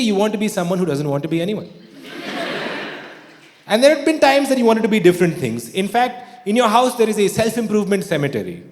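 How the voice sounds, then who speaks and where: A man performing stand-up on a theatre stage, his voice sitting fairly high and swinging widely in pitch. His delivery is dry and deadpan, broken by sudden loud outbursts, and the sound rings through a roomy hall with audience noise clearly underneath. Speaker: stand-up comedian. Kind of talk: stand-up comedy set. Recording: echoey live hall with audience. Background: audience laughter.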